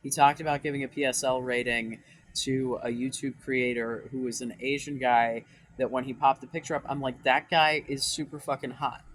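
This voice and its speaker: A man's voice: mid-range voice, little pitch movement, moderate pace, fairly bright tone, low-quality recording. A young man ranting in a casual vlog, rambling and exasperated, swearing often and restarting his sentences. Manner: rambling, profane, exasperated, many fillers and restarts. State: voice cracking after crying. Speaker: dating advice vlogger.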